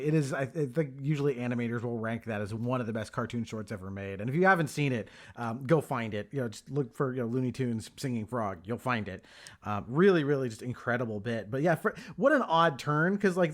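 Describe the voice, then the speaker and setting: A man in his thirties hosts a casual podcast chat, recapping a film scene by scene. His talk is easygoing and full of ums and uhs. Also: medium pitch. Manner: chatty, lots of ums and uhs. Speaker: podcast host.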